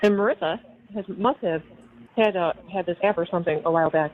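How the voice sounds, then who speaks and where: A woman's voice: lowish voice, quick pace. A woman talking on a phone with a relative in jail, reassuring and urging patience. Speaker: family member taking the call. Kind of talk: casual phone chat. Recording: tinny phone line with faint noise.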